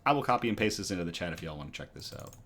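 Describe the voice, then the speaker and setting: Relaxed man hosting a casual news show. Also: sits low, racing, creaky, a little hiss or hum. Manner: conversational, reads articles aloud with frequent ums and self-corrections. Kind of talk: casual news reading for a live chat.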